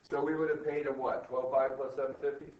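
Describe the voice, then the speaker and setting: An older man teaching an accounting class, quizzing students with quick questions and teasing them. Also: medium pitch, little pitch movement. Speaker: accounting professor. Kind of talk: classroom lecture. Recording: distant, roomy, dull lo-fi with faint noise.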